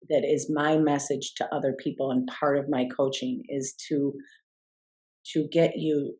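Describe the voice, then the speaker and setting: Low-voiced woman telling a reflective story. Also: darkish tone. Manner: reflective, slows down to stress key words. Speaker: guest, former swimmer and mindset coach. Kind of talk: storytelling in a podcast interview.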